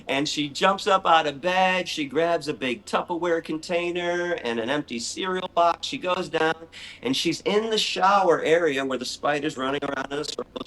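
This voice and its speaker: A middle-aged man talks with a slightly raised pitch. He tells a story in an animated, excitable conversational way. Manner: animated, excitable storyteller who acts out his own shrieks. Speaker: animal rights speaker, guest.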